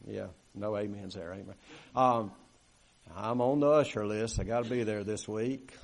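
A man's voice: medium pitch, big pitch swings, moderate pace, gravelly. A man preaching a sermon in a church, talking conversationally, asking for amens and acting out quoted grumbling. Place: church sanctuary.

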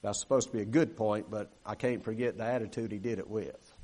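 A man's voice: fairly low pitch, fairly even intonation, brisk, warm tone, breathy edge. A man preaching a sermon in a church, talking conversationally, asking for amens and acting out quoted grumbling. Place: church sanctuary.

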